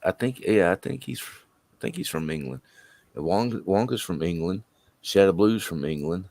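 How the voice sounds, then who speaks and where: A man's voice: sits low, expressive, normal speed, vocal fry, a little mellow, no room sound. A man hosting a live stream, chatting casually and laughing often. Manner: laid-back, laughs often. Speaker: stream host. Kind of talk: casual chat.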